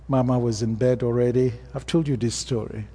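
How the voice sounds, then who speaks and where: A man's voice: mid-range voice, steady tone, a little fast, mellow, slightly rough. A man with an African accent, a pastor preaching a sermon and telling stories in a plain, earnest way. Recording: long reverb of a hall.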